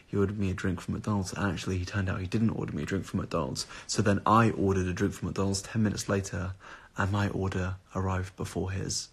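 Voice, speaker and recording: A tired young man, up at odd hours, rambles on a phone live stream, reading out viewer comments and answering them. His low, gravelly voice has a husky edge and a level tone, and he talks fast, drifts off topic, and swears casually.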